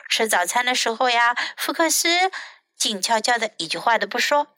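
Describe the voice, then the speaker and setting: A woman teacher reading a bilingual picture book to children, gentle and clear. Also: on the high side, very animated, normal speed, no echo.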